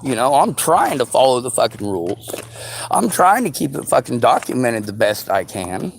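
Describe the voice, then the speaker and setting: A man ranting to his viewers, sarcastic and profane, slipping into mocking high voices, with a faint background hiss. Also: very animated, normal speed, vocal fry. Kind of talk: angry rant to viewers. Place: vehicle.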